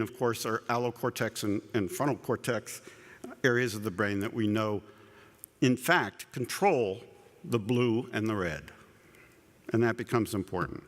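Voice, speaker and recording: Standing at a conference lectern, a man gives a plenary scientific lecture, laying out a framework in a relaxed, conversational way, repeating words and slipping in dry asides. His voice is lowish and carries a long reverb from the large hall.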